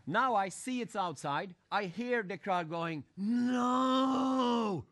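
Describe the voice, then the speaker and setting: A man giving a live motivational seminar talk, animated, acting out crowd shouts and putting questions to his audience. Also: high voice, a little slow. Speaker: motivational speaker.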